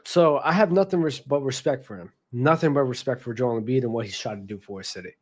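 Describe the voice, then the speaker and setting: Male sports talk host, casual and heated, speaks straight to his audience in slang, mid-pitched voice. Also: fast, a little mellow. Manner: passionate, addresses viewers directly with slang. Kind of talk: casual basketball commentary vlog.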